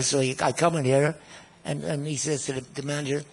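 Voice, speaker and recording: A man's voice: fairly high pitch, little pitch movement, brisk, gravelly, breathy edge. A man in his nineties, a guest musician, reminiscing in a rambling way, often repeating words and chuckling at his own tales. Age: 90s. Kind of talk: storytelling reminiscence.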